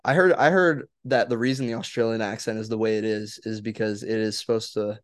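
A man's voice: lowish voice, steady tone, a little fast, no room sound, studio quality. A man hosting a podcast in casual chat, laid-back, laughing often and swearing freely. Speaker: podcast host.

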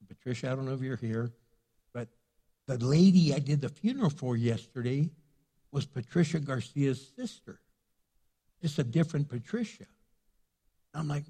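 A male pastor preaching a sermon, telling stories with big swings from loud and excited to hushed and quiet. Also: medium pitch, moderate pace, pauses often, husky, long reverb tail.

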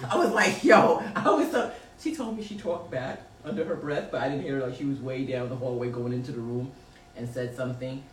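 A woman's voice: very deep voice, expressive, brisk. Woman host goofing around reading chat, laughs a lot, roomy echo, mic kinda far off. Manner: laughing, teasing, loose slangy delivery. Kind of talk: casual chat. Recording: roomy echo, distant mic, faint noise.

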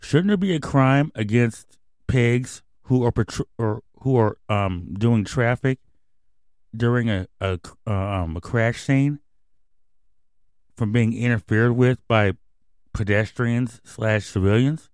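A man's voice: mid-range voice, slow, darkish tone, clear, resonant tone, dry recording. Angry, foul-mouthed male radio host. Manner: angry, swearing constantly, heated. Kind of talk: profane storytelling rant.

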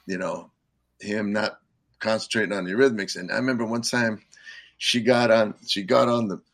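An older man, a musician guest, telling rambling stories in casual talk, full of "you know" and quick laughs. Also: fairly low pitch, steady tone, dry recording. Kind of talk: casual storytelling.

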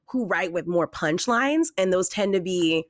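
A woman in her thirties hosting a podcast in casual, chatty conversation. She laughs easily and talks in a low voice. The sound is dry and close to the mic. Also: lively intonation, unhurried, no echo. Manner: chatty, laughs often, slips into mock voices. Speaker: podcast host.

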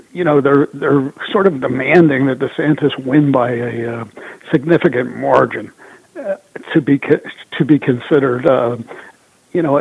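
A guest commentator joins by phone, his husky voice coming through a thin, tinny line. He talks in a measured, hesitant way, full of fillers. The sound is dry with no room around it. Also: medium pitch, dry recording. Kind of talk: casual political talk.

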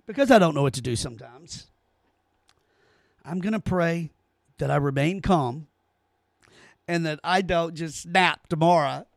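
A man's voice: fairly high pitch, unhurried, vocal fry, long pauses, no room sound. A man hosting a solo commentary podcast, ranting in a heated, sarcastic way and often stammering as he reads aloud and reacts. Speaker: podcast host.

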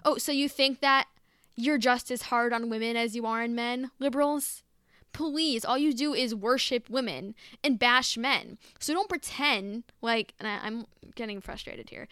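Young female podcast host, sarcastic and exasperated, restarts often, crisp voice. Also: on the high side, normal speed, fairly bright tone, no echo, clean studio sound. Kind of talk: commentary reading tweets aloud.

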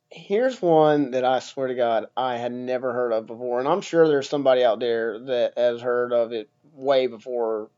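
A man's voice: medium pitch, a little mellow, highs cut off. A man hosting a casual solo podcast, talking bluntly and joking with frequent swearing. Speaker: podcast host.

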